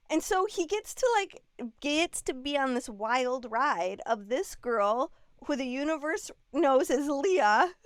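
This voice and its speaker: A woman guest on an interview podcast, talking about relationships in an expressive way and often acting out quoted dialogue. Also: high-pitched, no room sound, studio quality. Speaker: guest, relationship and leadership mentor. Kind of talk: casual conversational interview.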